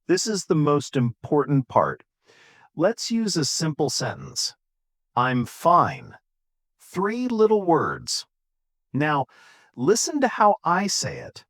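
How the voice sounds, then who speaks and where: Slow, lively-voiced male English teacher. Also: a little high, no echo, clean studio sound. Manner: slow, clear, demonstrates intonation by example. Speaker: English teacher, podcast co-host. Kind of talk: scripted English lesson.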